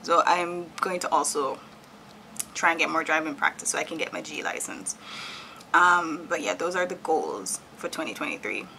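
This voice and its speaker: A woman's voice: low-pitched, moderate pace, bright, forceful tone, a little hiss or hum, rough recording. A woman in her thirties from Jamaica, chatting candidly and laughing often as she talks through her plans in a casual vlog at home. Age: 30s. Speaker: vlogger. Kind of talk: casual chat while decorating.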